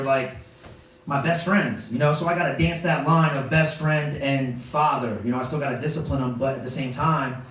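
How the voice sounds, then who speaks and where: Audience laughter fills an echoey club room where a man in his thirties, his voice fairly high, performs storytelling stand-up. The humor is wry and self-deprecating, and the distant-mic recording carries a little hiss or hum.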